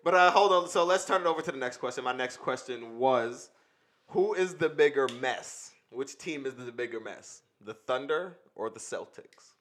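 A man's voice: mid-range voice, moderate pace. A man who hosts a casual sports debate, leading with questions and playful banter. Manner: leads the talk, playful banter. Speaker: podcast host asking questions.

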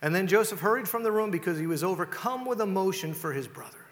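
A male pastor with a high, bright, forceful voice tells a scripture story in a relaxed, conversational way. His sermon rings out with a long reverb in a church hall. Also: fast. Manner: conversational, retells scripture in his own casual words.

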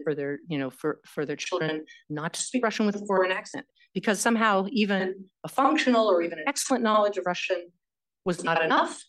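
A woman history professor giving an academic lecture, speaking in a measured way with frequent fillers and self-corrections. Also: lowish voice, low-quality recording.

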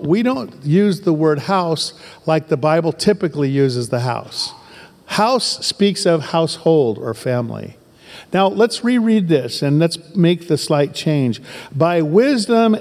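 An older man in his sixties, from southern Oregon, preaches as a pastor in an emphatic, folksy way, driving points home through repetition. His voice sits a little high for a man. The sound carries a long echo from a church hall. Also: animated, a little slow, a little mellow. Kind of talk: sermon.

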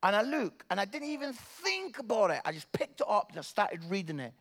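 A middle-aged Scottish man preaching with a notably high voice. He tells his story with comic timing, dropping to a hush and then rising almost to a shout. His delivery stays conversational and animated throughout. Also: brisk. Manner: animated, swinging from hushed to near-shouting. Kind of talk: humorous sermon storytelling.

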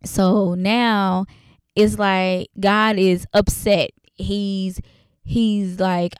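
A woman's voice: mid-range voice, level tone, slow, a little mellow, smooth, dry recording, studio quality. A woman teaching a Bible study in a casual, conversational way, reading verses aloud with frequent fillers. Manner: conversational, many fillers, reads scripture aloud.

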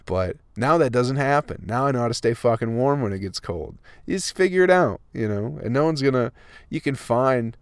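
A young man riffs through a casual, profane comedy monologue. He rants and cracks himself up as he goes. His voice sits at an ordinary pitch, recorded dry and close with no room sound. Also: animated, normal speed, clean tone, dry recording. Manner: profane, ranting, laughs at own jokes. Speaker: comedian podcast host.

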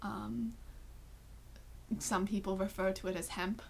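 A woman putting on a laid-back young male pop singer, talking in a slow, giggly drawl. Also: mid-range voice, fairly even intonation, vocal fry, very noisy. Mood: mellow.

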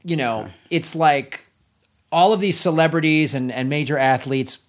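Man hosting a relaxed podcast chat. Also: fairly high pitch, normal speed. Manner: loose, swearing conversational storytelling. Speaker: podcast host. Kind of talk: casual chat.

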